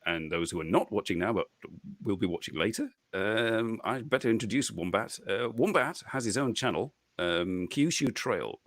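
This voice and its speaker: Halting low-voiced male host on a live call. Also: lively intonation, a bit bright, dry recording. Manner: halting, repeats words, chuckles often. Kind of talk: live online interview chat.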